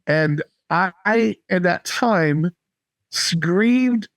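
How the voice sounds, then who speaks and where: A man from North Carolina, a podcast guest, telling a faith story earnestly and haltingly. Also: high voice, lively intonation, a bit bright, no echo. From North Carolina, USA. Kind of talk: casual faith testimony.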